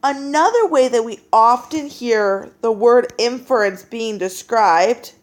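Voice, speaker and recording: A woman's voice: fairly high pitch, slow. A woman teacher giving a classroom reading lesson, talking to her students and acting out the voices they hear in their heads. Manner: animated, acts out inner voices.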